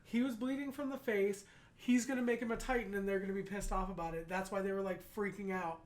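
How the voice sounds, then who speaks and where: A man hosting an anime reaction video, chatting casually and excitedly with many fillers. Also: high-pitched, quick pace.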